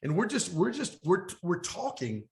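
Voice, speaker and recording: A man's voice: sits high, vocal fry. A middle-aged man, a business coach and guest on an interview show, telling stories with energy and acting out the quoted talk of others. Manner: energetic, fast storytelling with animated quoted dialogue. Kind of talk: storytelling interview.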